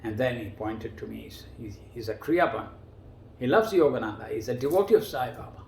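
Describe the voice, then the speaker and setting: A man casually telling personal stories as a guest, animated and climbing much higher in pitch when he quotes other people. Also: a little fast, creaky, slight background noise. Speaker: guest storyteller. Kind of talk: casual spoken storytelling. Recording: roomy echo.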